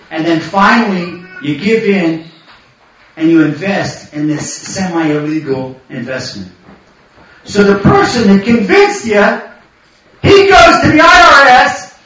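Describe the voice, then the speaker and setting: A man teaching a Torah class, animated, telling stories and bursting into shouts. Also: fairly high pitch, measured pace, far from the mic, a little hiss or hum. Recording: muffled echoey hall from afar.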